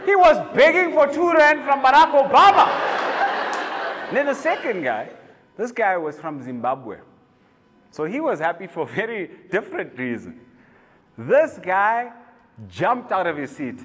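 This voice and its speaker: A South African man doing stand-up comedy, telling stories with animated mock outrage. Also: sits high, a little slow, big-room sound, a little hiss or hum. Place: comedy venue, indoors.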